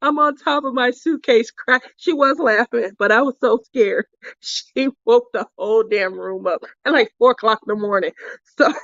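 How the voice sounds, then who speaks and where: Brief: chatty crafter woman, high-ish voice, giggles a lot, close and dry. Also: normal speed, fairly bright tone, no echo, lo-fi sound. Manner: giggly, laughs often between sentences. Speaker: crafting vlogger giving awards. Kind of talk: casual storytelling.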